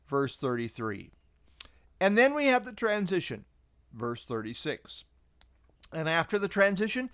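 A man preaching a sermon in a high, very animated voice that rises and falls a lot. He speaks with emphasis, reading scripture aloud and listing verse numbers. The sound is dry and close. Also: unhurried, long pauses, dry recording. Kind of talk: expository sermon.

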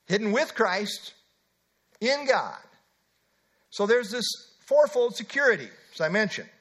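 A man's voice: sits high, fairly bright tone. A man preaching an expository sermon, emphatic, with casual asides and filler words.

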